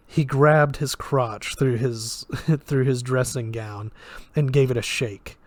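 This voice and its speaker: A man's voice: mid-range voice, fairly even intonation, slow, no room sound. A man reading a novel aloud in a plain way, with occasional slips that he corrects. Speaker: audiobook reader.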